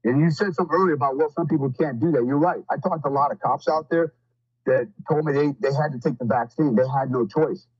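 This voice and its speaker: A man's voice: a little high, fast, husky, no room sound, muffled recording. A man talking as a podcast guest, telling stories in a blunt, profane, rambling way with lots of fillers. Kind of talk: casual storytelling.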